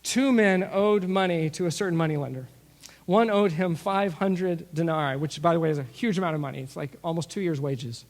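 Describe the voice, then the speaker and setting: Storytelling pastor in a reverberant hall. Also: male voice, fairly high pitch, fairly quick. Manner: storytelling, animated with asides and acted-out quotes. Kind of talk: sermon. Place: church sanctuary. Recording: long reverb of a large hall.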